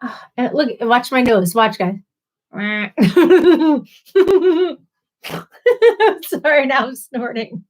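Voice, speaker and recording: A woman's voice: high-pitched, animated, drawn-out words, pauses often, a little mellow, rough recording. A woman hosting a casual livestream chat, giggly, rambling and apologetic, a little tipsy from drinks. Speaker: livestream host.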